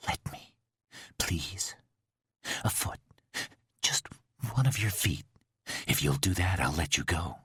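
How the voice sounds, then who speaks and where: A man voicing a soft-spoken, menacing male killer who talks in slow, whispery, cooing tones. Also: very deep voice, husky, no echo, studio quality, pitched below the performer's own voice, exaggerated voice. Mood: hushed.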